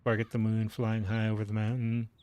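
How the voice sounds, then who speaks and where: A man chatting casually and rambling with filler pauses while he streams a game. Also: on the low side, completely flat delivery, heavy background noise. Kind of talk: casual gameplay commentary.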